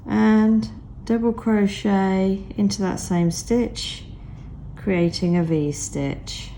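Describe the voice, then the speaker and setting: Croaky woman teaching crochet, real slow and mellow, counts every stitch, faint hiss behind. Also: medium pitch, steady tone. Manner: patient, counts stitches aloud. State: croaky, recovering from a cold. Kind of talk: step-by-step craft tutorial.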